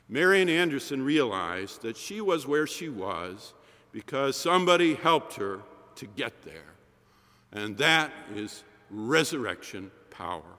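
Bright-voiced preacher with rhythmic repetition. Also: male voice, medium pitch. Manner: rhythmic, repetitive cadence with dramatic drops. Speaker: pastor. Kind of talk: sermon. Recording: long hall reverb.

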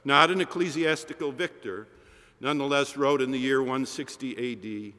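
Bright-voiced preacher in an echoey chapel. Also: male voice, medium pitch, moderate pace. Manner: storytelling preacher with rhythmic repeated cadences. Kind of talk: sermon.

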